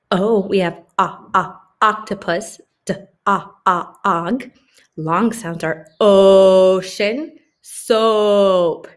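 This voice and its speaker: A woman teaching young children their letters at an unhurried, patient pace. She stretches out each vowel and consonant, sounding words out slowly and clearly. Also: medium pitch. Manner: slow, exaggerated sounding-out of letters. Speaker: kindergarten teacher. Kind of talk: phonics lesson for young children.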